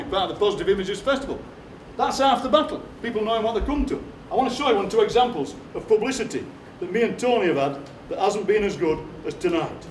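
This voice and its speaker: A man, telling comic stories to a live theatre audience in a deadpan way. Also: high voice, a little hiss or hum. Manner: deadpan anecdotes, acting out other people's lines. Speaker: poet performing on stage. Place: theatre stage. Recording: roomy hall from a distance. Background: audience laughter.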